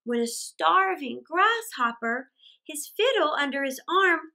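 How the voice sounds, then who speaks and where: A woman narrating children's fables aloud, animated and expressive. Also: sits high. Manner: animated and expressive, slow and clear. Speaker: storyteller for children.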